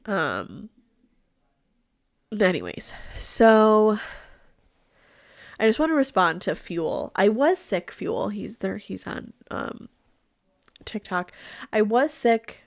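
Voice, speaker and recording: A woman's voice: medium pitch, big pitch swings, slow pace, creaky, pauses often, dry recording, clean studio sound. A young woman hosting a live true crime recap in a casual, blunt way, swearing freely, her voice nasal and stuffed up. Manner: blunt, swears often, laughs while talking. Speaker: true crime livestream host.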